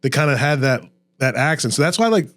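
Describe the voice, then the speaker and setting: A man's voice: medium pitch, lively intonation, brisk, fairly bright tone. A man from Louisiana hosting a casual podcast chat, explaining local history and pronunciations at length. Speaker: podcast host.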